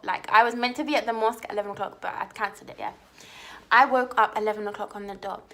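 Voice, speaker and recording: A woman's voice: a little high, a bit bright. A young woman telling a personal story to camera in a chatty way, often asking her viewers "okay?". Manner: chatty, frequent "like" and "okay?" check-ins. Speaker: vlogger.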